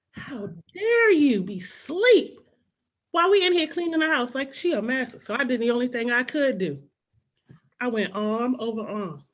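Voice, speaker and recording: A middle-aged woman working a stand-up set into a handheld mic. Her delivery is animated and story-driven, with sudden jumps into character voices for her mother and her childhood self. Her pitch sits in an ordinary middle range for a woman. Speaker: stand-up comedian. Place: comedy club stage.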